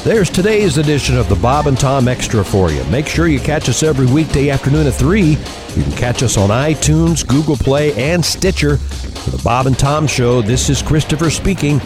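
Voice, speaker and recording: A man's voice: medium pitch, lively intonation, normal speed. Upbeat male announcer over music. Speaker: show announcer. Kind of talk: scripted promo outro.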